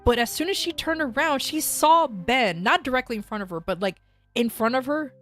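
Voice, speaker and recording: A woman's voice: high voice, expressive, fast, a bit bright, soft background music. A young woman streamer telling a story in a casual, rambling way, with restarts and casual swearing.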